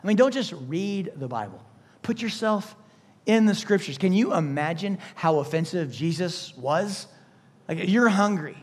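A man preaching a sermon with an emphatic delivery, full of rhetorical questions, swinging between loud bursts and hushed asides. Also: high-pitched, lively intonation, moderate pace. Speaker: pastor.

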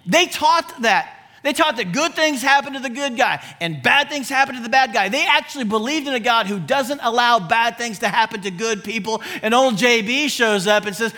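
High-voiced, animated male preacher. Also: moderate pace, hardly any pauses. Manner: animated and humorous, swinging between loud emphasis and low asides. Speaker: pastor. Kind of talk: sermon.

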